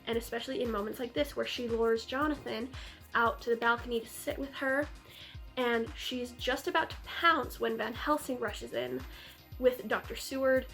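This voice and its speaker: Woman, film reviewer, chatty, sarcastic asides, fairly high voice, faint background music. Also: fairly bright tone.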